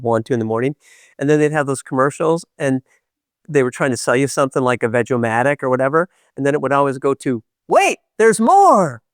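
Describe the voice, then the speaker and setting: A man hosting a podcast, telling reflective spiritual stories in an animated, playful way with many hesitations. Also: medium pitch, dry recording, studio quality. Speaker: podcast host.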